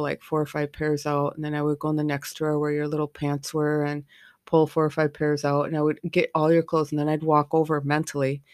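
A middle-aged woman speaking as a podcast host, blunt and candid about her own life. Her pitch stays flat and even across long stretches. The sound is close and dry, with no room around it. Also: dry recording. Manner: frank and candid. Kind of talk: candid personal podcast talk.

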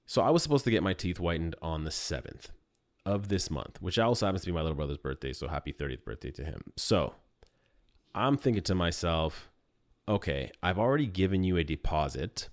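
A man in his thirties hosting a podcast, telling a personal story in a casual, animated and self-deprecating way. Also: sits low, a little fast, no room sound, clean studio sound.

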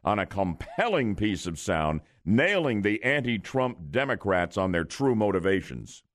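A man's voice: fairly low pitch, big pitch swings, measured pace. A man hosting a talk radio show, emphatic and opinionated, taking calls in a studio. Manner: emphatic, takes caller questions.

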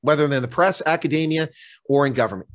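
A man speaking as a political interview guest, indignant and impassioned. His voice sits a little high. He hammers his points home with emphasis. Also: fast, dry recording. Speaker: guest commentator.

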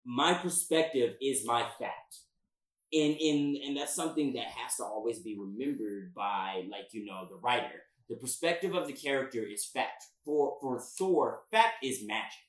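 Male podcast co-host, mid pitch, rambly and emphatic, echoey room. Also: moderate pace. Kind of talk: casual chat. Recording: roomy echo.

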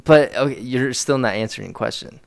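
A man co-hosting a casual podcast, tipsy, rambling and laughing, his voice jumping high when excited. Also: fairly quick, vocal fry, dry recording. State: intoxicated. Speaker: podcast co-host.

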